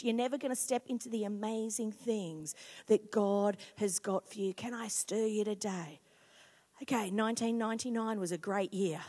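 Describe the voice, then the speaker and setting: Woman pastor, 40s, high bright voice, lively sermon, long hall reverb. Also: moderate pace. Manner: lively, emphatic preaching to a congregation.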